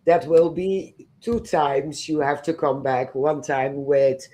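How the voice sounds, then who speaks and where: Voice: mid-range voice, fairly even intonation, slow pace, mellow. An interview host on a video call, speaking in short, sparse replies and brief acknowledgements. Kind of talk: casual interview chat.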